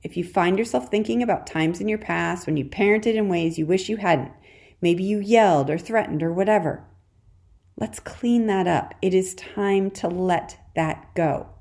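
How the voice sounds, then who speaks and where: A woman's voice: mid-range voice, normal speed. Woman podcast host, casual and reassuring, talks to the listener one on one, peppers her talk with "okay". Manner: warm encouraging, addresses listener as "dear warrior"; chatty with frequent "okay" and laughs. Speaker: podcast host and parenting coach.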